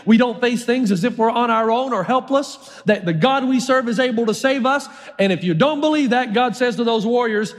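A man's voice: very high voice, animated, quick pace, in a large hall. A male pastor preaching a sermon, telling the story with acted voices and emphatic repetition.

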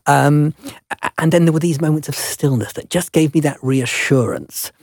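A man's voice: fairly high pitch, normal speed, darkish tone, dry recording, clean studio sound. An older man, a guest telling stories in a chatty, self-deprecating way in an interview. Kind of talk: relaxed storytelling in an interview.

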